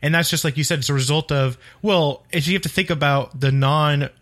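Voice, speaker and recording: A man's voice: fairly high pitch, brisk, a bit bright. A man talking casually about game mechanics on a podcast, rambling with many restarts. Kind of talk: casual gaming chat.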